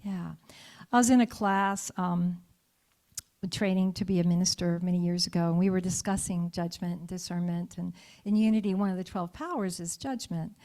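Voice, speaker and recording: Speaking at a normal speed in a fairly low, dark voice with fairly even intonation, a middle-aged woman minister gives a conversational sermon in a church sanctuary. She tells a story, seeks her congregation's thoughts, and laughs frequently.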